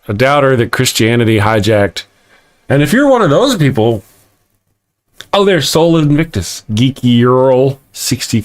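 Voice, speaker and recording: A middle-aged man with a Texas accent hosting a live-stream morning show, rambling and self-mocking as he reads viewer comments and laughs often. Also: medium pitch. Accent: Texan.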